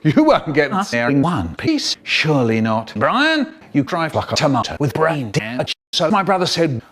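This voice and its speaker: A man narrating a comic story, lively and jumping into high silly voices for the quoted lines. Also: normal speed.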